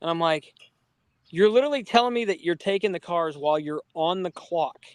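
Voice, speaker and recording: A man co-hosting a casual podcast, telling stories in a lively way and acting out the people he quotes. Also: sits high, brisk, clear, resonant tone, dry recording. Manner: animated storyteller, acts out quoted people. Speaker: podcast co-host. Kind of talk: casual storytelling chat.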